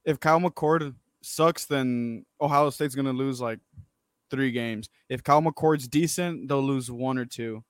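A man's voice: medium pitch, unhurried, no echo. A man co-hosting a casual sports podcast who gives blunt, profane hot takes on college football. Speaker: podcast co-host.

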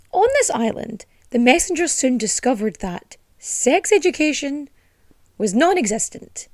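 Irish woman podcast host, higher voice, sweary and sarcastic, dry close recording. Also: no room sound. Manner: animated and indignant. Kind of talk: casual storytelling podcast.

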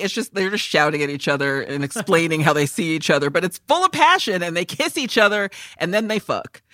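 A woman co-hosting a podcast, chatting casually about a film and loudly acting out its lines with lots of swearing. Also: deep voice, dry recording, studio quality. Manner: animated, swearing, acts out film lines in loud voices. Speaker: podcast co-host. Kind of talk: casual movie chat.

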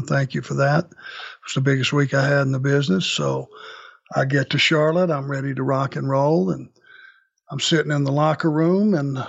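A man as an interview guest, telling an anecdote in a casual, animated way with many restarts. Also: mid-range voice, vocal fry, dull audio. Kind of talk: casual storytelling.

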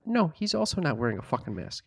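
A man's voice: fairly high pitch, wildly swooping pitch, fast, gravelly, fairly bright tone, breathy edge, no echo, clean studio sound. A man telling a story in casual chat, swearing a lot, exasperated, mimicking other people in mocking voices. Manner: profane, exasperated storytelling with mocking put-on quotes.

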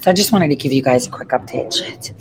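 A man's voice: mid-range voice, fast, background noise. A man giving a rambling, profane vlog update from an airport lounge, talking into a phone strapped to his arm.

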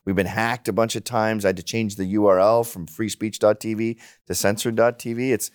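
A man's voice: fairly low pitch, a little fast, smooth. A man guesting on a podcast, telling mocking, profane stories in a casual chat. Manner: animated, mocking storyteller with profanity.

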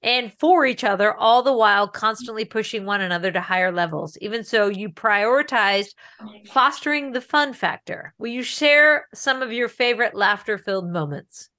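A woman's voice: on the high side, lively intonation, moderate pace, sharp tone. Upbeat woman reading fan questions. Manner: laughs often, upbeat. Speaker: podcast host. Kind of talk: casual group chat, reading fan questions.

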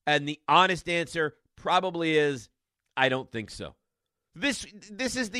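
A man's voice: fairly high pitch, very animated, measured pace, bright, forceful tone, smooth, dry recording, clean studio sound. A man hosting a sports radio show, ranting in a rambling, exasperated monologue full of restarts.

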